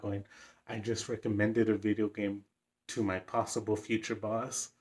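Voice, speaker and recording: Chatting to his camera at a moderate pace, a young male vlogger rambles through a story in a low, mostly level voice, full of filler words, breaking into the odd excited chuckle.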